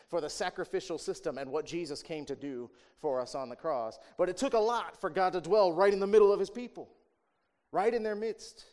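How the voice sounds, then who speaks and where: A man preaching a sermon in a conversational way, asking rhetorical questions and tagging lines with "right?", swinging between emphatic raised passages and quiet asides. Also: on the high side. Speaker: pastor.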